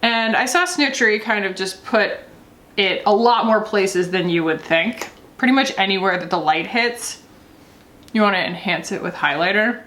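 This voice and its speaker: A woman's voice: mid-range voice, normal speed, fairly bright tone. A woman vlogger talking casually through a makeup tutorial, chatty and loose, often laughing. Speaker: beauty vlogger.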